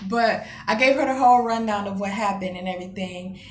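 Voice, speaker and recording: A young woman vlogger telling a dramatic story in a casual, profane, animated way. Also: medium pitch, fairly quick, reverberant, a little hiss or hum.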